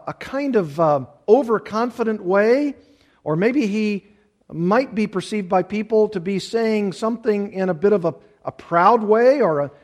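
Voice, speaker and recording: A man's voice: high-pitched, darkish tone. A man preaching an earnest expository sermon, repeating key phrases for emphasis. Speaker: pastor.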